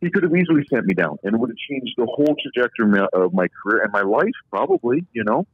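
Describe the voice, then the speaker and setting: A former pro hockey player in his forties rambles through long, candid stories from his playing days as a podcast guest. He speaks at medium pitch with big swings, rapid-fire, over a thin, dry phone line.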